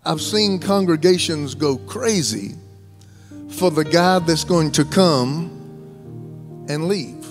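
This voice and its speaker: A man in his fifties with a Southern American accent, a guest pastor preaching a sermon in a folksy, joking way that rises to shouted fervor. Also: on the high side, lively intonation, slow, pauses often, faint music behind. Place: large church sanctuary.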